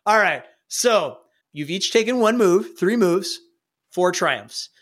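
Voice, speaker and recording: A man runs a tabletop game, his voice high for a man and swinging widely in pitch. He narrates in a playful way and laughs easily. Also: lively intonation, slow, fairly bright tone. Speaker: game master.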